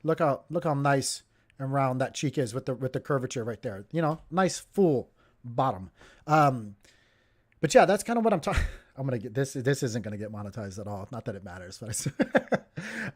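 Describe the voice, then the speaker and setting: Chatty man hosting a live chart stream. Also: a little high. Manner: chatty, jokey, talks straight to viewers. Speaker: crypto livestream host. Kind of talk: casual live chart commentary.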